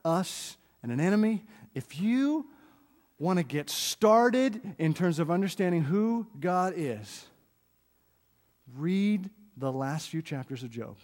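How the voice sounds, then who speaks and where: Male pastor giving a lively sermon, high voice, long hall reverb. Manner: animated, jokey storytelling, often drops soft and slow for emphasis.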